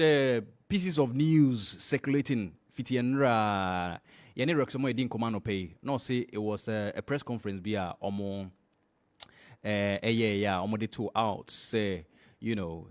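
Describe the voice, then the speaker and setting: A middle-aged man with a Ghanaian accent hosting a morning radio show, running news commentary and switching between English and Twi as he talks. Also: on the low side.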